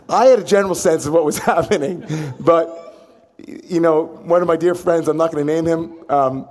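Animated male rabbi telling a story. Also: a little high. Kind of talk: personal storytelling.

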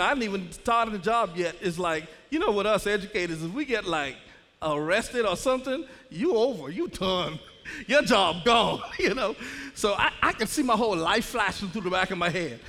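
Guy cracking up while telling a wild story at church, high bright voice, big echoey hall. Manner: animated, laughing, dramatic retelling. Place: church sanctuary.

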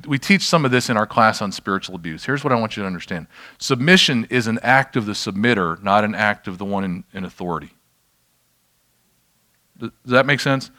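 Male pastor, lowish voice, chatty self-deprecating teaching to a room of people. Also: pushed and bright. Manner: conversational, self-deprecating, checks in with the audience. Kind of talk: informal sermon teaching. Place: church room with an audience.

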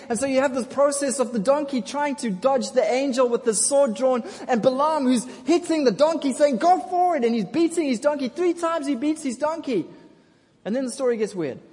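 High-voiced preacher in a reverberant church. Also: male voice, a little mellow. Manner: casual, jokey storytelling, asks congregation for responses. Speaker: pastor. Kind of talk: sermon. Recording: long church hall reverb.

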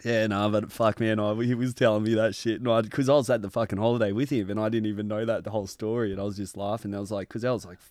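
A man's voice: fairly low pitch, fairly even intonation, fast, few pauses, a little mellow, no echo, clean studio sound. A young Australian man, a podcast co-host, telling a rambling story in casual chat, swearing and laughing often.

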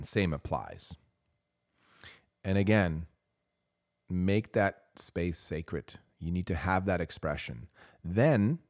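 A man's voice: low voice, a little mellow, dry recording, clean studio sound. A man hosting a podcast, speaking earnestly and emphatically to parents, repeating key phrases for weight, with hesitant fillers between thoughts. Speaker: podcast host. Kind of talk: impassioned advice monologue.

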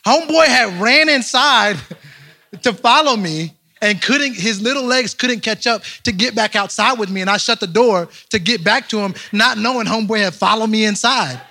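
A young man, a pastor, preaching a lively storytelling sermon straight to his congregation. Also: sits high, moderate pace. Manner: animated, speaks straight to the congregation.

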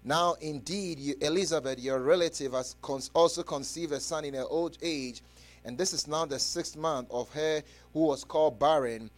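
A man with a notably high voice delivers a fervent radio sermon as pastor. He stumbles through restarts, breaks into praise, and shouts scripture back and forth with his listeners. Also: moderate pace. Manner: fervent, stammering restarts, frequent praise interjections. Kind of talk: radio sermon with call-and-response.

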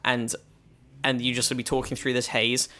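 A man's voice: mid-range voice, flat delivery, normal speed, sharp tone. British guy rambling thru a story on a podcast, lots of restarts. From Britain. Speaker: comedian guest. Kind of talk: casual chat.

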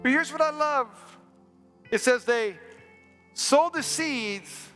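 A man's voice: very high voice, slow, bright, forceful tone, faint music behind. A male pastor preaching a sermon in a church, building to impassioned, repetitive refrains. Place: church sanctuary.

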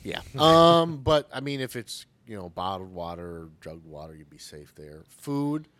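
A man's voice: medium pitch, big pitch swings, measured pace, a bit bright, dry recording. A man co-hosting a podcast, chatting casually, sarcastic and profane, often laughing. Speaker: podcast co-host. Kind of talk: casual chat.

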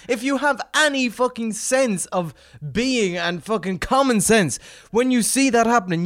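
A man ranting and swearing in casual podcast chat. His fairly high voice swings widely in pitch as he works himself up. The sound is dry and close to the mic. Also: lively intonation, moderate pace, hardly any pauses, no echo. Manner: ranting and profane. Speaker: podcast host.

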